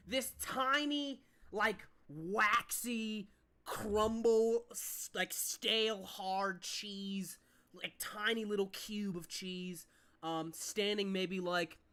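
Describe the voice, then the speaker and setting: A game master describing the scene in a tabletop game, at a middle pitch. The narration rambles and is packed with fillers as the speaker searches for words. The delivery is casual and unscripted. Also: extremely slow, sharp tone, smooth.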